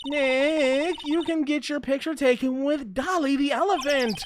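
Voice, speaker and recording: A man voicing an excitable, pushy young female spirit medium in a video game. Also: very high-pitched, measured pace, background noise, voice pushed up. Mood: excited. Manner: bubbly and pushy.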